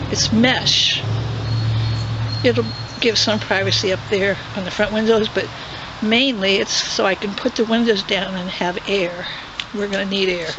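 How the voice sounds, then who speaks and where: An older woman vlogging casually, chatty and enthusiastic as she shows her gear, first in a garage and then outside by a car. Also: medium pitch. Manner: chatty and enthusiastic, thinking aloud. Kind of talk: casual show-and-tell video. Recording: dull recording with noise behind.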